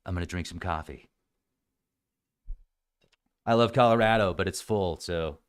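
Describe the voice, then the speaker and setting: A man hosting a casual livestream, talking in an animated way and acting out other people's voices now and then. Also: low voice, a little slow, clear, resonant tone. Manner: animated, acts out quoted voices. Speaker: host.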